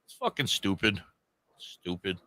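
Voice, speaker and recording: A man in loose, profane podcast banter. His bright voice leaps around in pitch as he acts out what people said. The recording is close and dry, with no room sound. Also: unhurried, no echo. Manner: animated, swears freely, acts out quotes loudly. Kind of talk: casual profane chat.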